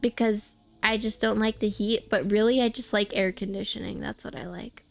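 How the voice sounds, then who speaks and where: Chatty young woman with a gravelly edge. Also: mid-range voice, fairly even intonation, normal speed, soft background music. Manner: rambling, chatty, restarts often. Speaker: VTuber streamer. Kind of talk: casual chat while streaming a game.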